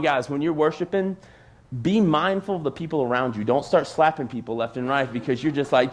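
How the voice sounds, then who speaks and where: A man's voice: on the high side, fairly quick. A man preaching a casual youth sermon from a church stage, talking conversationally and filling his sentences with "like". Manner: conversational, peppered with "like". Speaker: youth pastor.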